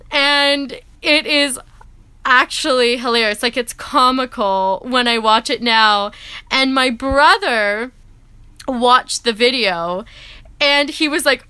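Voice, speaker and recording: Bright, chatty woman vlogging close-up. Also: on the high side, a little slow, smooth, no room sound. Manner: chatty, rambling, fond of "right?" and "like". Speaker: astrology vlogger. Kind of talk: casual chat to camera.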